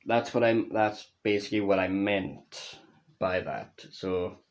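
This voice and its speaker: Slow, swearing, rambling young man. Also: deep voice. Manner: swears constantly, halting with many restarts; slow, emotional and earnest. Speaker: video game reviewer. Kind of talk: casual rambling review.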